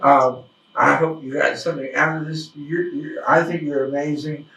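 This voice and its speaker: A man hosting a casual interview, folksy and self-deprecating, a little hoarse from a cough. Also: a little high, fairly even intonation, normal speed, a bit bright. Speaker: host. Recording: echoey room, mic at a distance.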